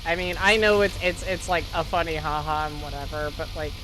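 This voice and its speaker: A woman commenting casually while playing a game on a live stream, chatty and quick to giggle. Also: sits low, noisy background. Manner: chatty, giggly, animated reactions.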